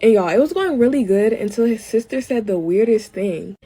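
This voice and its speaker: A woman's voice: a little high, lively intonation, fairly quick, dark tone, slightly rough, soft background music. A young woman chatting casually to her viewers as she tells a storytime while doing her makeup. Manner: chatty, keeps addressing viewers as y'all. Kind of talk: casual get-ready-with-me storytime.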